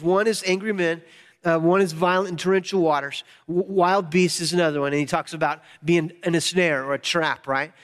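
A man with a high voice preaching in a relaxed, conversational way, often stumbling and restarting. A long hall echo hangs behind his words. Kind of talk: casual sermon. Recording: reverberant hall.

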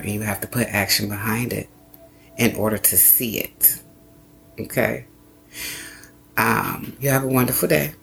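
A man hosting a motivational self-help podcast, speaking earnestly and encouragingly, repeating phrases for emphasis and slowing down on key lines. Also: mid-range voice, vocal fry. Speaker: podcast host.

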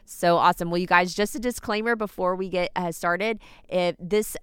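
A woman's voice: lowish voice, fairly even intonation, normal speed, fairly bright tone, smooth, dry recording. A woman hosting a podcast interview, upbeat and gushing, with many fillers. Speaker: podcast host.

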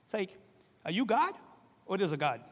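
Middle-aged male pastor, high voice, lively conversational sermon, long hall reverb. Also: normal speed, breathy edge. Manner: conversational, animated, acts out quoted voices.

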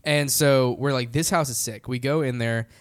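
A young man telling a story in casual podcast chat, animated and full of "like" fillers. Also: mid-range voice, normal speed. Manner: animated, heavy use of "like" fillers. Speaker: podcast storyteller, band member.

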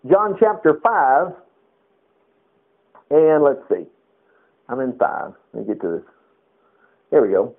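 Man, middle-aged, pastor, sermon, high voice, animated delivery. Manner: animated preaching with scripture reading and asides. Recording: tinny phone-like recording.

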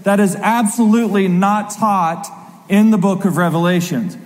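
A man preaching a sermon with a high voice. He reads scripture dramatically, leaning hard and slow on key words. His voice rings with the long reverb of a large hall. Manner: dramatic reading with slow emphatic stresses.

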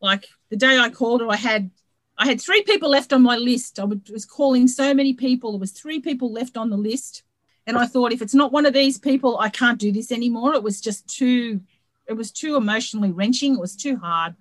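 A middle-aged author speaks over a video call in a fairly high voice. She tells her story in a rambling, chatty way, restarting her sentences often. The sound is dry and close, with no room around it. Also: a little fast, dry recording. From Australia. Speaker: author, interview guest. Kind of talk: casual storytelling interview.

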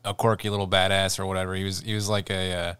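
A man's voice: sits low, level tone, fast talker, a bit bright, a little hiss or hum. A man co-hosting a casual podcast, talking hesitantly and restarting as he works out his thoughts. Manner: hesitant, many fillers and restarts while thinking aloud. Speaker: podcast co-host. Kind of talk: casual chat.

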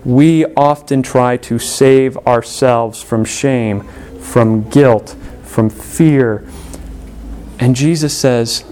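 A man preaching a sermon in an earnest way, repeating key phrases, with big rises and falls in pitch. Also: extremely slow, warm tone, slight background noise. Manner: earnest, repetitive preaching with sweeping pitch swings.

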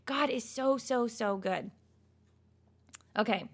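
A woman giving a casual Christian devotional talk, expressive and emphatic, swinging between loud bursts and soft, quiet stretches. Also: on the high side, slow pace.

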